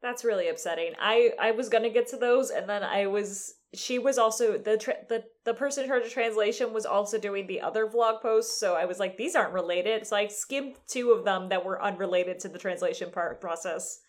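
A woman co-hosting a podcast, casually retelling a video game's plot in a relaxed way. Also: medium pitch, fairly quick, few pauses. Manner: relaxed storytelling recap, drifting off mid-sentence. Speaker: podcast co-host. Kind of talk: casual chat recapping a video game.

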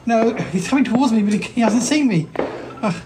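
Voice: medium pitch, expressive, moderate pace, background noise, lightly acted. A performer voicing Paul, a shy yeti shrunk very small, stammering and flustered.

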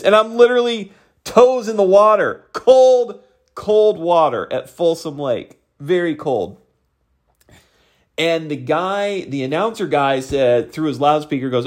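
Vlogger, male, upper-pitched, animated casual storyteller. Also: normal speed. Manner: animated, loose with fillers.

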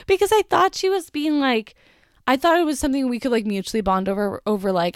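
A woman's voice: a little high, normal speed, clean tone, dry recording, clean studio sound. A young woman telling an exasperated storytime rant about her cashier job, swearing and filling with "like" constantly. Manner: exasperated, swears, lots of "like" fillers.

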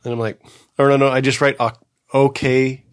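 Male podcast co-host, laid-back, dry humor, mid-pitched voice. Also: little pitch movement, moderate pace, no echo. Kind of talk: casual chat.

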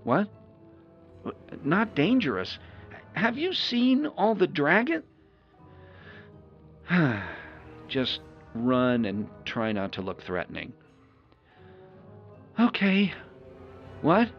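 A man's voice: fairly high pitch, very animated, very slow, long pauses, heavily acted. A man voicing a timid, flustered host on a trip, who stammers nervously. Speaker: show host. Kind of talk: one-sided audio role-play. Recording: lo-fi recording with faint music.

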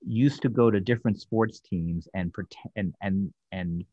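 A man's voice: fairly low pitch, normal speed, dry recording, highs cut off. A man hosting a podcast and recapping a TV episode casually, acting out the characters' lines as he tells it. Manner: animated storyteller, acting out quotes. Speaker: podcast host.

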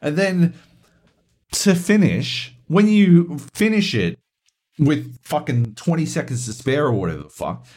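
A man's voice: a little high, expressive, measured pace, a little mellow. A man co-hosting a gaming podcast, ranting animatedly and swearing constantly in casual chat. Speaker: podcast co-host.

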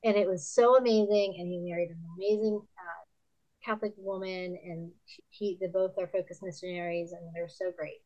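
A woman in her fifties, a podcast guest and author, telling candid stories in a lively way, laughing often and acting out other people's lines in a higher voice. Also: a little fast, dull audio. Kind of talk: candid conversational storytelling.

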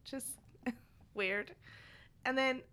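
A woman's voice: high-pitched, drawn-out words, sharp tone, slight background noise. A woman co-hosting a casual podcast, recapping a book chapter in a chatty, giggly way. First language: Spanish not said; speaks Spanish at home. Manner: chatty storytelling recap, giggling between points. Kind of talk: casual chat.

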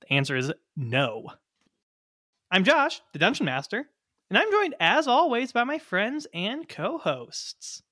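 A man's voice: sits high, very animated, unhurried, bright, forceful tone, no room sound, studio quality. A man hosting and running the game, introducing co-hosts in upbeat, laughing banter. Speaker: host and dungeon master.

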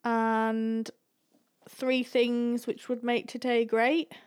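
A woman's voice: fairly high pitch, level tone, extremely slow, clear, resonant tone. Easygoing woman guiding a chat. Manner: easygoing, guides the exercise. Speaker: podcast co-host. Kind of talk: casual chat.

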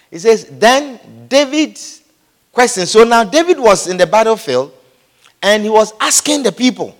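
A man preaching a sermon, emphatic and repeating his phrases, calling out amen, recorded in an echoey church hall. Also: sits high.

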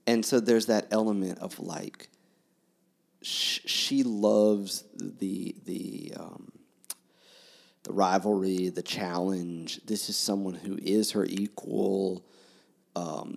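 Slow, gravelly deep-voiced man musing. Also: fairly even intonation. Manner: thoughtful, hesitant, many fillers. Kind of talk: casual book discussion.

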